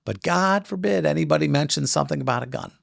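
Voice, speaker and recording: Animated man with a gravelly voice. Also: on the high side, fast talker, no echo, clean studio sound. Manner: animated storytelling with voiced asides. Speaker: podcast host. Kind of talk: casual chat.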